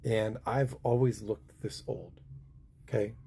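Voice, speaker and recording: A man in his fifties tells a story in a loose, meandering way. His voice is low and gravelly, with a mellow, dark tone. Faint ambient noise sits behind him. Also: steady tone, slow pace. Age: 50s. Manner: rambling, with many fillers and restarts. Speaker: vlogger. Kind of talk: casual storytelling.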